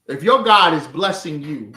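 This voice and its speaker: Male scripture teacher preaching to a class, forceful and repetitive, animated pitch, echoey room. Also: normal speed. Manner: forceful, repeats phrases for emphasis.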